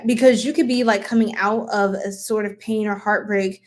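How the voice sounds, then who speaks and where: A woman's voice: a little high, brisk, hardly any pauses. A woman giving a live-stream tarot reading, chatty and giggly, casually goofing off and talking straight to her viewers. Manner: casual, talks to viewers as y'all. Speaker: tarot reader.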